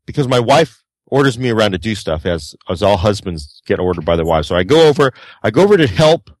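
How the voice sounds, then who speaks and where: A man co-hosting a podcast, telling his stories with a lively, swooping voice. He slips into impressions of the people in them and swears without holding back. The sound is dry and close, with no room echo. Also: fairly low pitch, fast. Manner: animated storyteller, acts out quoted people, swears freely. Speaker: podcast co-host. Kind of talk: casual podcast banter.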